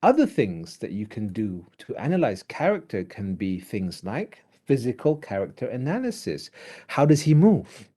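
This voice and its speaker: A man's voice: mid-range voice, normal speed, husky. A man with a Malaysian accent giving a drama lecture, switching between English and Malay and acting out examples as he teaches. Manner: animated, mixes English with Malay; acts out examples while teaching.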